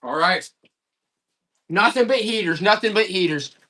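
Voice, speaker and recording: A man's voice: high voice, measured pace. Hyped-up male live-auction seller. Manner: excited hype salesman talk. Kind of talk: live selling stream.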